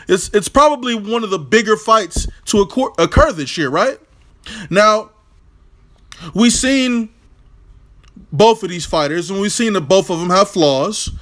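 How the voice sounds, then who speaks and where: A man's voice: high voice, lively intonation, measured pace, long pauses, fairly bright tone. Brash, profane man ranting. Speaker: boxing commentator, channel host. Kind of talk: opinionated vlog rant.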